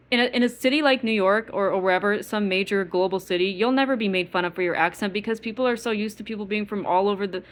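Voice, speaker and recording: A woman's voice: medium pitch, a bit bright. A woman with an East Coast American accent rants to her viewers in a loose, casual way. Her talk is bitter and full of swearing, with words repeated and filler likes at every turn. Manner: bitter, profane, repetitive ranting with many filler likes. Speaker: vlogger. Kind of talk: casual rant to camera.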